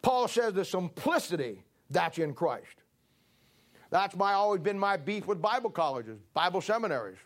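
A man's voice: high-pitched, sing-song, normal speed. A man preaching a sermon in an emphatic, folksy way, with rising bursts. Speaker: pastor.

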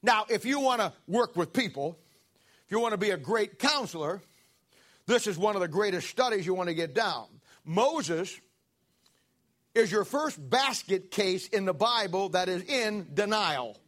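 A man preaching, retelling a Bible story in a folksy, animated way with fillers and asides. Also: sits high, unhurried. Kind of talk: sermon storytelling.

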